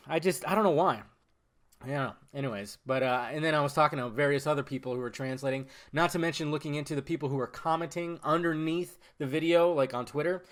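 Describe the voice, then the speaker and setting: A young man talks casually through his own podcast with a fairly high voice. He gets animated and swears freely, leaping to loud outbursts and dropping into quick mumbled asides. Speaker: podcast host. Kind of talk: casual solo podcast chat.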